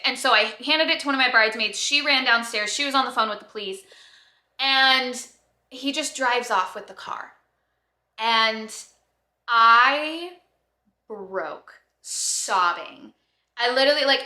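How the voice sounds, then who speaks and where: A young woman in her twenties telling a story to her vlog viewers, animated and chatty, full of "like" and quick rushes of excitement. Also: sits high. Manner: animated, breathless storytelling with lots of "like". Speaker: vlogger. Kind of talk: casual storytelling. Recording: echoey room.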